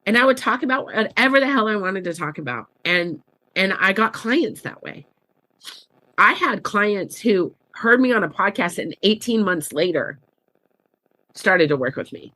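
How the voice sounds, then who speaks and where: A woman's voice: medium pitch, lively intonation, moderate pace, sharp tone. A middle-aged woman talks as a podcast guest, a coach sharing her own path. Her speech is casual and frank, peppered with mild swearing and "like". She tells her stories in a blunt, unpolished, conversational way. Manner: candid, blunt and salty, storytelling with lots of "like". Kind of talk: casual interview chat.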